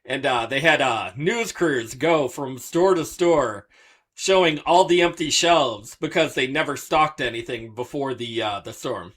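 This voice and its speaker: A man's voice: mid-range voice, unhurried, fairly bright tone. A man from Northeast Pennsylvania co-hosting a podcast, rambling with lots of fillers in casual banter. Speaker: podcast co-host.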